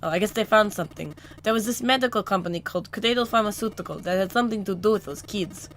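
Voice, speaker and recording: A woman voicing a troubled grown man with lost memories, an ex-cop, reading a visual novel aloud in a halting, searching way. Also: mid-range voice, a bit bright, slight background noise, lightly acted. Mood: explaining.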